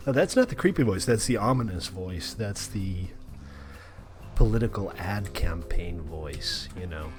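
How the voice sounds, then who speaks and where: A man's voice: sits low, moderate pace, music in the background. A man streaming Minecraft, chatting casually with viewers in a rambling, joking way. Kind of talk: casual live-stream chat.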